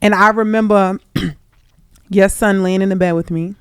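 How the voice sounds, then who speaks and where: A woman hosting an interview, quietly recalling a painful memory. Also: mid-range voice, fairly even intonation, unhurried, clear, resonant tone, no room sound, studio quality. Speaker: host.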